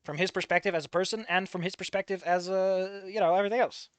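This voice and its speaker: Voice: medium pitch, fairly even intonation, fast talker, clean tone, no echo. A person reading a fan story aloud and breaking off for sarcastic, swearing commentary. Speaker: fanfic reader and reviewer.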